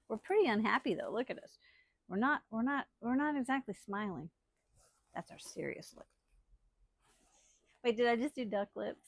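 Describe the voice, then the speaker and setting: A woman hosting a casual unboxing vlog, chatty and excitable, laughing often as she talks. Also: a little high, normal speed, vocal fry, pauses often, no room sound. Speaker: channel host.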